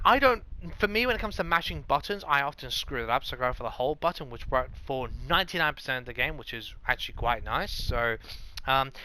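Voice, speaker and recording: Animated let's-play commentator. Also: mid-range voice, smooth, rough recording. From Britain. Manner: rambling, self-correcting, opinionated. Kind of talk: casual game commentary.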